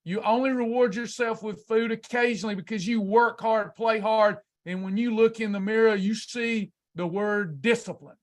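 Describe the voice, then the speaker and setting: A man's voice: sits high, fairly even intonation, normal speed, few pauses. A man coaching a class on weight loss in an emphatic, preacher-like motivational speech full of rhetorical questions.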